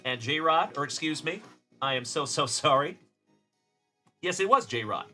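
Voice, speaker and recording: A man's voice: a little high, lively intonation, a little slow, pushed and bright, faint music behind. A middle-aged man from South Texas hosting a casual card-breaking livestream, chatty and upbeat, greeting viewers by name.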